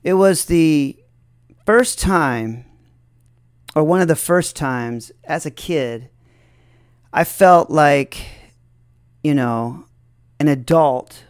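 A man's voice: a little high, clear, resonant tone. A man telling a personal story in a reflective way, often chuckling between sentences.

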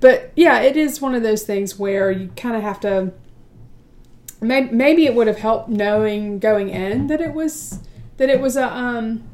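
A woman's voice: a little high, unhurried, a little mellow. Chatty American woman co-host. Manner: chatty, many fillers and restarts. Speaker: book podcast co-host. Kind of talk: casual chat.

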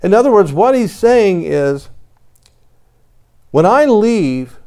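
A man's voice: sits high, big pitch swings, slow, warm tone. A man preaching a conversational sermon, telling his own story and reading scripture aloud in old-fashioned wording. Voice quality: reads scripture in King James wording.

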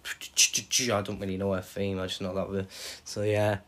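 A man hosting a podcast, recapping fantasy wrestling bookings with animated play-by-play. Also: lowish voice, normal speed. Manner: hums entrance themes, animated play-by-play. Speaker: podcast host.

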